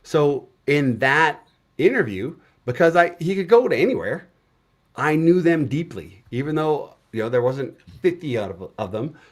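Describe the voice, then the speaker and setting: A middle-aged man speaking as a guest developer, relaxed and chatty, often pausing with "uh" as he explains. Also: a little high. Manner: relaxed storytelling with frequent "uh" fillers. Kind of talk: casual conversation on a video show.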